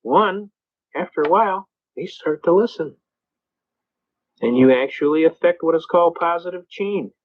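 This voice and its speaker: Fast-talking folksy man, lo-fi. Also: a little high. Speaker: speaker on self-representation in court. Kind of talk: folksy storytelling lecture. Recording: dull lo-fi recording.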